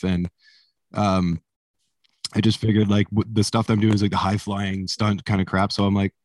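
A man with a fairly low voice, talking casually in an interview. He rambles through stories, swears freely and laughs along the way. The sound is dry and close, with no room around it. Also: no echo. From Canada. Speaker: musician guest.

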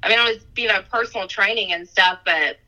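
Fitness coach, woman, 30s, very bright voice, gushing and heartfelt, podcast chat. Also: medium pitch, quick pace, poor audio. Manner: heartfelt, gushing, with frequent "like" and laughter. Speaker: fitness coach and gym owner. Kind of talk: emotional podcast conversation.

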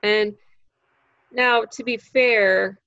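A woman who is a standup comic, telling a story in casual chat, animated and swearing freely. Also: on the high side, very slow, dry recording, lo-fi sound. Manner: animated, acts out quoted voices, swears freely.

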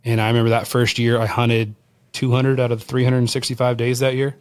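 A man's voice: mid-range voice, monotone, fairly quick, no echo. A man, a wild game chef, telling a personal story as a guest and acting out the voices of people he quotes. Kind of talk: storytelling in conversation.

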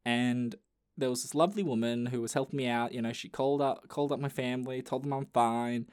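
A man's voice: medium pitch, fairly even intonation, fairly quick, smooth. A young man tells a story as a podcast host, in a loose, profane, jokey way with many restarts. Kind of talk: casual storytelling chat.

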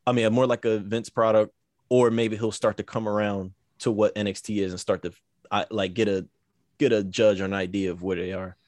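A man's voice: fairly low pitch, flat delivery, a little fast, a little mellow, no echo. A man co-hosting a podcast in laid-back, slangy, rambling casual chat. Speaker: podcast co-host.

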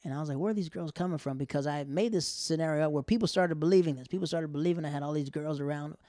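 A man's voice: on the high side, quick pace, no room sound, studio quality. A man telling a story in casual, rambling talk, acting out what people said. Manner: rambling, animated, acts out quotes.

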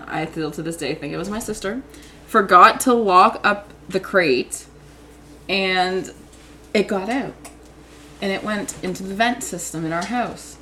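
A woman's voice: mid-range voice, a bit bright, slight background noise. A young woman telling childhood stories in casual chat, rambling and giggling, with lots of "like".

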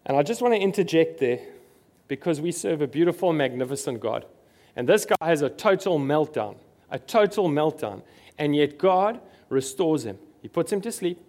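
A man's voice: fairly high pitch, expressive, moderate pace, darkish tone. A man preaching a sermon, earnest and emphatic, repeating his key phrases.

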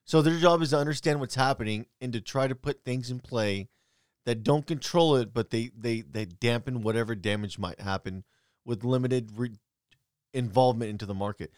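A man's voice: medium pitch, normal speed, a little mellow, clear, resonant tone, no echo, studio quality. A man co-hosting a casual podcast, ranting bluntly and profanely about politics. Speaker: podcast co-host.

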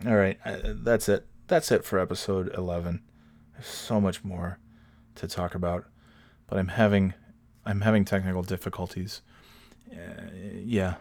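A man's voice: sits low, a little mellow, dry recording. Profane, rambling man podcasting at home. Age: adult with children. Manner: rambling, profane, self-deprecating. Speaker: podcast host. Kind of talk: casual solo podcast storytelling. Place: home recording setup.

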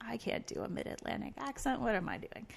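A woman's voice: a little high, lively intonation, fast talker, creaky. Giggly rambling woman podcaster. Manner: rambling, giggly, lots of fillers. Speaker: podcast co-host. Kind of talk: casual podcast chat.

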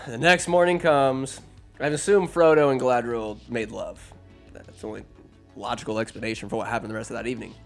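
Rambling, profane man retelling a film. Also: mid-range voice. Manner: profane, rambling, sarcastic asides. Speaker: comedic film recapper. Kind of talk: casual comedic story recap.

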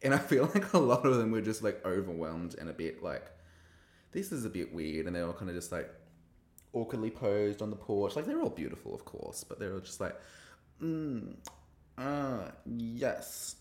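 A man hosting a podcast, recapping a TV episode in a gossipy, animated way and acting out quoted lines. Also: fairly low pitch, fairly quick, roomy sound. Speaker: podcast host reviewing a TV episode. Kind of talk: casual recap chat.

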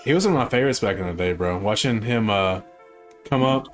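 A man's voice: fairly low pitch, a little fast, soft background music. A young man co-hosting a podcast, chatting casually in a laid-back, slangy way. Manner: laid-back, slangy, sings snatches of old theme songs. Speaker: podcast co-host. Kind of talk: casual chat.

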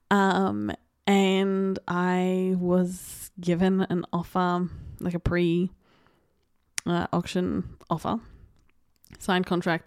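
A woman's voice: fairly low pitch, darkish tone, no room sound. Chatty young woman, dry close mic. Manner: chatty, rambling, full of likes and asides. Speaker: podcast host. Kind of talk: casual chat.

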